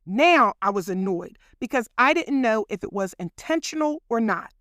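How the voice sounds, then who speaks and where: A woman host casually telling a personal story, chatty and animated, speaking straight to her listeners. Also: fairly high pitch, moderate pace, no echo, studio quality. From Philadelphia.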